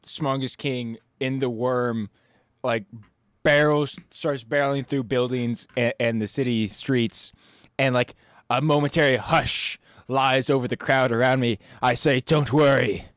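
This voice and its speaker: A man playing a tabletop game, speaking hesitantly and haltingly as he works out his moves. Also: medium pitch, steady tone, fairly bright tone, dry recording, clean studio sound. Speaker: player.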